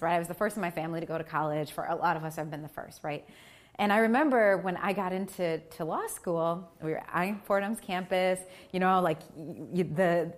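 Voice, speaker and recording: Animated woman telling stories at a mic. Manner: animated, acts out family voices with big pitch jumps. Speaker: keynote speaker. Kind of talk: lively storytelling speech. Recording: live event in a cafe.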